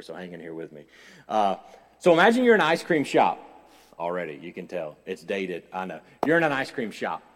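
Preaching pastor man in a reverberant hall. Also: fairly low pitch. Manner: swings between loud urgent preaching and quiet conversational storytelling. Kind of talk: sermon.

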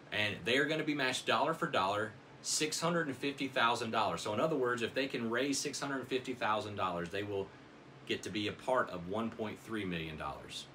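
Bright-voiced man preaching a sermon. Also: mid-range voice, slight background noise. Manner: earnest, dramatic scripture reading. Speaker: pastor. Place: church.

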